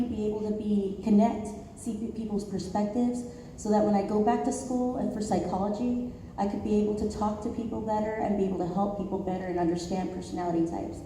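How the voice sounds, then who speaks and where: A woman's voice: medium pitch, warm tone, a little hiss or hum. A woman earnestly talking about her plans in long run-on sentences on a convention panel. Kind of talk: panel Q&A answers. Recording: echoey convention hall.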